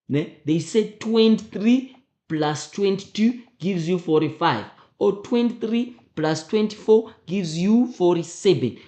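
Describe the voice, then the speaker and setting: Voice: medium pitch, darkish tone. A teacher going through exam questions, emphatic and often repeating questions back to the class. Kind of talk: exam revision lesson. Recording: roomy echo.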